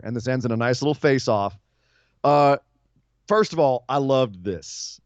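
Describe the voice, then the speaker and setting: A man's voice: mid-range voice, dry recording, dull audio. A man co-hosting a casual wrestling podcast, teasing his partner and laughing as he recaps. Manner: animated, quick to tease and laugh. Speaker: podcast co-host.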